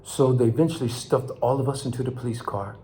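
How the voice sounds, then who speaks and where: An older man from Los Angeles, talking straight to his viewers in an emotional monologue, his voice climbing high when he is angry and sinking low and quiet as he reflects. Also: fast talker, slight background noise. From Los Angeles, California. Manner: impassioned, rising to near shouts then dropping low. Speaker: vlog host.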